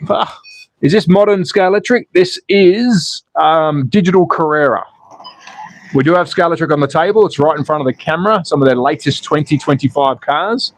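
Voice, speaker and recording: Excitable man calling races. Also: fairly high pitch, moderate pace, no room sound, poor audio. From Australia. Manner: excitable commentary, then relaxed chatting with viewers. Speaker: slot car racing live streamer. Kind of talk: live race commentary and chat reading. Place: home in Austria.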